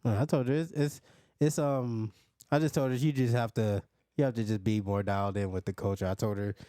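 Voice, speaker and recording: A man's voice: lowish voice, steady tone, a little fast, warm tone, no room sound, studio quality. A man co-hosting a podcast, explaining his view in a laid-back casual chat. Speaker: podcast co-host.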